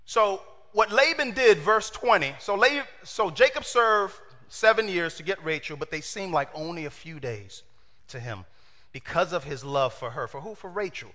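Animated preacher man in an echoing hall. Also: high voice, moderate pace. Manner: animated, asks the congregation questions, acts out quotes. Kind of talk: sermon.

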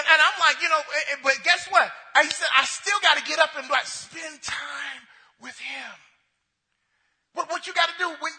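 High bright preaching man, echoey hall. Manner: preaching with call-and-response questions; slows and stresses key words. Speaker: pastor. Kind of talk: sermon.

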